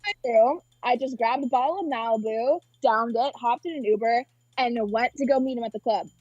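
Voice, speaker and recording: A young woman being interviewed, telling a story in a quick, offhand way full of "like" and quoted dialogue, over dull, dry audio. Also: on the high side, darkish tone, no echo. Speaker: interview guest.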